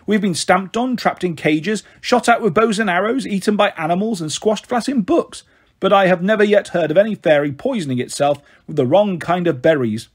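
A man's voice: high voice, slightly rough. A man voicing a proud, centuries-old female flower fairy in a storybook reading, with grand old-fashioned phrasing. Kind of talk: storybook read-aloud.

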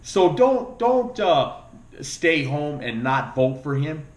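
A man with a Latino American accent ranting about politics and pleading like a preacher, emotional, his voice jumping up high and dropping low. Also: big pitch swings, slow pace, echoey room. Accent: Latino American English. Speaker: vlogger. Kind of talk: impassioned political rant.

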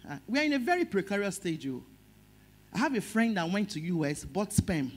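A middle-aged woman with a Nigerian accent preaching a sermon as pastor, emotional, swinging between loud stress and soft words. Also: mid-range voice, big pitch swings, brisk.

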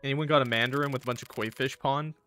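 A man playing a horror game and commenting as he goes, joking, excitable and swearing now and then. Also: mid-range voice, fast talker, faint music behind. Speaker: gaming youtuber.

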